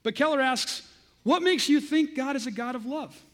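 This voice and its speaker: A man's voice: very high-pitched, moderate pace, fairly bright tone. A man giving a sermon-style teaching, earnest and pointed, citing scripture chapter and verse. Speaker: Christian preacher.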